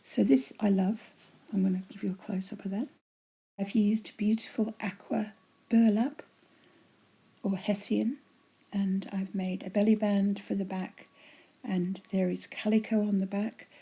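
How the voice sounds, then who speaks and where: A chatty woman with a voice going hoarse, gushing over her handmade crafts in a casual show-and-tell at home, often dropping to a breathy half-whisper. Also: mid-range voice, little pitch movement, a little slow, dark tone. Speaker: craft vlogger showing giveaway prizes.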